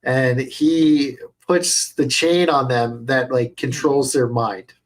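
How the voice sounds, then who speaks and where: A young adult man co-hosting a podcast in casual chat, excitable and cursing freely as he retells scenes. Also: medium pitch, takes it slowly. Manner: excitable, swears a lot while retelling scenes. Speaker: podcast co-host.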